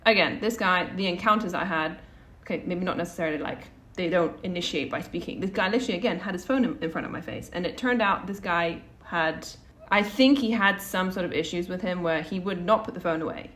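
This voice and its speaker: A woman's voice: on the low side, a little fast, few pauses, fairly bright tone. A woman co-hosting a podcast, telling a personal story in a rambling, casual way with lots of restarts and fillers. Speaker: podcast co-host.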